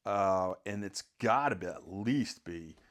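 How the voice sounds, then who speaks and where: A middle-aged man rambling casually through a photography gear vlog, joking at his own expense and often clearing his throat. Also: lowish voice, expressive, slow pace. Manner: rambling, self-mocking, frequent throat clearing. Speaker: sports photographer.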